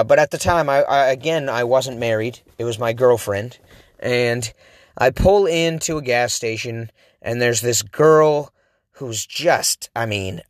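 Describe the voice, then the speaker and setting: A male podcast host tells a personal story in a loose, rambling way and keeps poking fun at himself. He stumbles and restarts his sentences often, speaking at a middling pitch. The close mic sounds dry, with no room around it. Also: no echo. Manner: rambling, self-deprecating, frequent restarts. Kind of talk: casual storytelling monologue.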